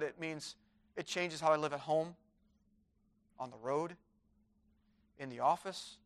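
A man's voice: fairly high pitch, a bit bright. A man preaching a sermon in a chapel, reading scripture aloud with fervor.

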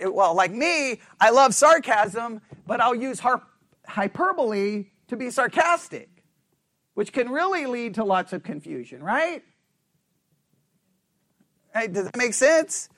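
This middle-aged man teaches a Bible study lesson in a high, fairly bright voice, keeping it conversational and frequently making sure everyone follows. For sarcastic responses he slips into a low mumble. It's a close, dry recording with no room sound.

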